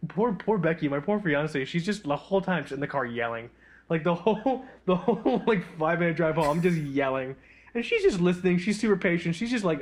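Guy on a podcast rambling thru a story, swearing a lot, kinda high voice, laughs at himself. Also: animated, a little fast. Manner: rambling, profane, self-deprecating storyteller. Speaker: podcast co-host. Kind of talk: casual chat.

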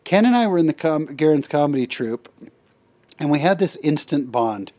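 A man's voice: on the high side, moderate pace, dry recording. A middle-aged man co-hosting a podcast, telling stories in casual chat and often laughing as he talks. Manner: animated storyteller who laughs often. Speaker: podcast co-host.

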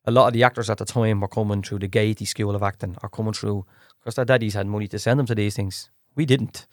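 A low-pitched, middle-aged man with a Dublin accent tells lively stories in a podcast interview. He talks in animated bursts, often restarting and repeating his words. The recording is close and dry. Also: quick pace, dry recording. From Ireland. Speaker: guest actor. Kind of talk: casual storytelling in a podcast interview.

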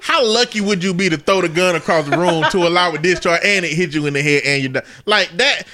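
A man's voice: sits high, quick pace, bright, forceful tone. A man co-hosting a casual comedy podcast, joking and profane, often laughing through his stories. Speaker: podcast co-host.

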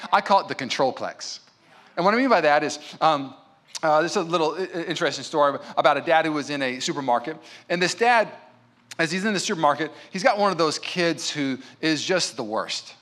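A male pastor preaches to a congregation in an emphatic, conversational way, weaving in stories. His voice is bright and forceful, sitting a little high for a man, and he talks to the room as if to friends. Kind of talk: sermon. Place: church in front of a congregation.

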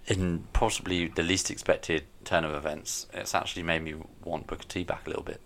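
A man co-hosting a podcast, giving blunt, animated opinions in casual chat. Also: low-pitched, brisk. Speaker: podcast co-host.

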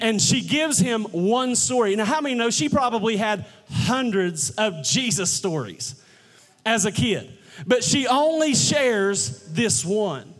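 High-voiced preaching man. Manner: builds to impassioned shouting, repetitive preaching cadence. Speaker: pastor. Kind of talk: sermon.

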